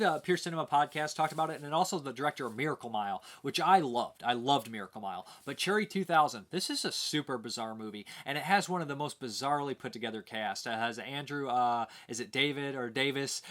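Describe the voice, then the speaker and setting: An easygoing man talks through a home video review in a casual, rambling way. He fills his pauses with plenty of "uh"s, at an average pitch. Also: pushed and bright. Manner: rambling, many "uh" fillers, easygoing.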